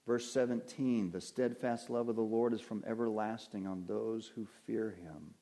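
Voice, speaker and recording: A man preaching a sermon, reading Bible verses slowly and deliberately and putting questions to his listeners. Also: fairly low pitch, fairly even intonation, dark tone. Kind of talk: sermon teaching from Scripture.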